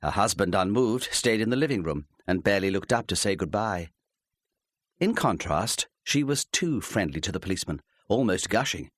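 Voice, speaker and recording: In a clean, dry studio recording, a man with a low voice reads an audiobook script. His narration is measured and expressive.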